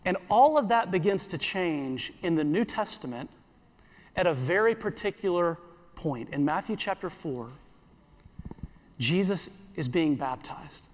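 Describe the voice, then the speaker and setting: A pastor giving an earnest sermon in church, repeating phrases and slowing down for scripture. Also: male voice, fairly high pitch, animated, big-room sound.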